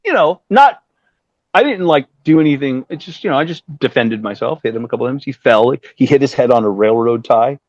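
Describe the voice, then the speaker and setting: A muffled, echo-free recording captures a middle-aged man's animated, mid-range voice moving a little fast. The guest musician rambles through a long story in a casual interview, swearing and acting out what the people in it said.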